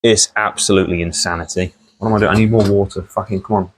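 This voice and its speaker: A man's voice: low voice, steady tone, fast talker, a little hiss or hum. A young man rambling casually through a profane commentary vlog, often laughing at the story.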